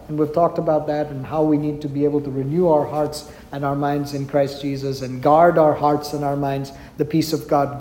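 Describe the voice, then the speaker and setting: A male pastor with a high but mellow voice delivers an earnest, conversational sermon. He keeps checking in with his listeners, and his voice rings out through a roomy hall with a long, lingering reverb. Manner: earnest, conversational preaching with frequent "right?" asides.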